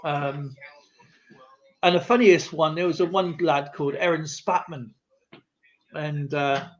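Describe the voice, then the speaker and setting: A man's voice: a little high, a little slow. A man hosting a live stream, telling a rambling anecdote in a casual, chatty way with lots of fillers and asides. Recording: slightly muffled lo-fi stream audio.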